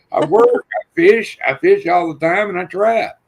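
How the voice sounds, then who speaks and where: An older man on a livestream panel, telling rough, profane stories and acting out the voices in them. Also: high voice, big pitch swings, moderate pace. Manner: rough-spoken, swears freely, acts out quotes. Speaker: panel guest. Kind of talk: casual storytelling on a livestream panel.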